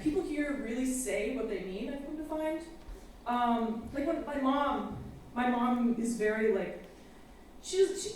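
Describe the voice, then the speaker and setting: A young woman from Texas with a fairly high voice does candid stand-up full of fillers. She is picked up from a distance in a very echoey theater, with a faint hiss underneath. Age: young adult. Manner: candid, self-deprecating, frequent fillers. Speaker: student stand-up comedian. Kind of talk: stand-up comedy set. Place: campus theater stage with live audience.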